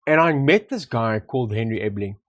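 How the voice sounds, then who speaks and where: A man's voice: mid-range voice, animated, fairly quick. A man co-hosting a property discussion, talking casually and reflectively, telling anecdotes and repeating words for emphasis. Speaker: property market co-host. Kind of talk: casual conversation.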